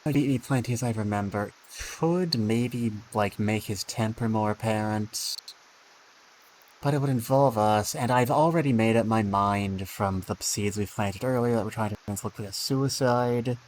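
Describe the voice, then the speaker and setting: A man's voice: fairly low pitch, normal speed, a little mellow, a little hiss or hum, rough recording. A man streaming a game, thinking aloud with dry asides and reading the game text.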